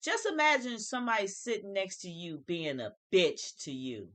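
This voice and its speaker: A woman's voice: mid-range voice, very animated, moderate pace, fairly bright tone. A woman hosting a casual reality TV commentary vlog, emphatic and repetitive, speaking with slang. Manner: emphatic, repeats phrases, uses slang. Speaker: show host reviewing reality TV.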